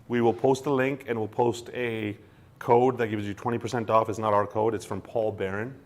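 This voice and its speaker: A man hosting a casual explainer, talking in an animated way with many restarts and acting out quoted lines. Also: lowish voice, normal speed. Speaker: co-host explaining crypto wallets.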